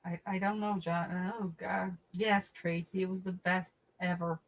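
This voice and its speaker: A woman's voice: on the low side, unhurried, rough recording. A middle-aged woman hosting a casual livestream, telling a funny story to her chat, swearing and laughing as she goes. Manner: animated, swearing, laughing mid-sentence. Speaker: livestream host reading chat.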